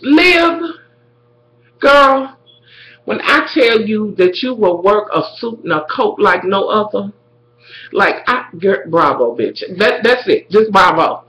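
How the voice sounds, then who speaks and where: A woman casually recapping a TV episode for her viewers, animated and profane, talking straight to them. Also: mid-range voice, measured pace, reverberant, low-quality recording.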